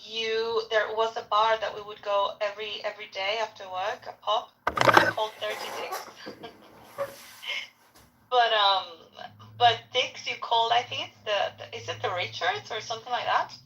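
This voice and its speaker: A woman's voice: on the high side, moderate pace, a bit bright. A woman chatting casually on a podcast, laughing easily and searching for words. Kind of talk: casual chat. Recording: muffled mic with faint background hiss.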